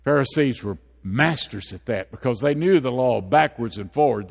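A man's voice: medium pitch, expressive, normal speed, vocal fry, hardly any pauses, husky, big-room sound. A male pastor preaching a sermon to his church, asking the congregation questions and building to emphatic, rising peaks.

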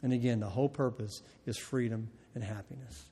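A man's voice: mid-range voice, steady tone, brisk, dark tone, slightly rough. A man preaching a Wednesday night sermon, folksy and earnest, telling a personal story and speaking straight to the congregation. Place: church hall with long reverb. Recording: church hall reverb.

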